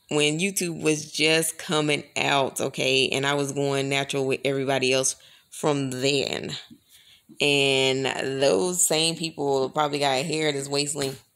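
A woman's voice: sits low, a bit bright. A woman vlogger chatting casually to her camera, rambling and calling her viewers y'all.

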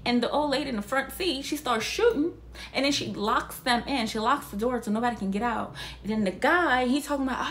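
Young woman vlogger, incredulous and expressive, fairly high voice, casual reaction chat. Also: normal speed, a little hiss or hum. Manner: animated, incredulous, swears freely. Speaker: vlogger reviewing a film.

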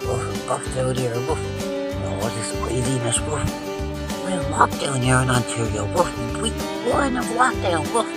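A playful man chatting casually outdoors in a park, ending nearly every line with a barked woof. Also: on the high side. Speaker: vlogger. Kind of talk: casual vlog chat. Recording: loud music playing over the voice.

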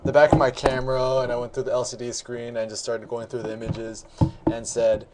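A man vlogging about his camera gear in a relaxed, rambling way, full of ums and restarts. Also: medium pitch, brisk, background noise. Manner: relaxed, many ums and restarts, chatty storytelling. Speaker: photography vlogger. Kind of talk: casual rambling vlog.

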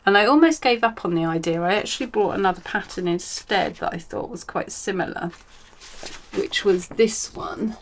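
A woman's voice: medium pitch, moderate pace, creaky, slight background noise. A woman hosting a crafting podcast from home, chatting casually and rambling, with many ums and self-corrections. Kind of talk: casual chat.

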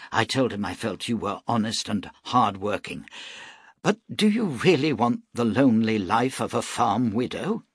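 A man's voice: mid-range voice, slightly rough, no echo, clean studio sound. A man reading aloud plays a fussy, stammering innkeeper who pushes his point. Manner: flustered, stammering, pushy. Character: excitable, fussy male innkeeper.

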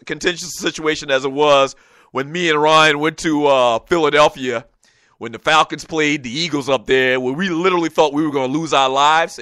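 A man hosting a casual sports talk show, telling long, rambling stories in an animated, joking way. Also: on the high side, smooth, no echo.

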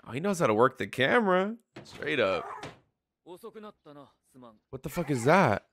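Here a young man reacts on the fly to an anime he's watching, cursing freely and leaning on "bro" and "like" throughout. His voice sits on the high side with big swings in pitch, a measured pace and a fairly bright tone, over slight background noise.

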